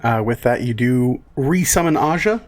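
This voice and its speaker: Game master, man, mid pitch, halting narration with lots of ums. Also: animated. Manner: hesitant, many fillers.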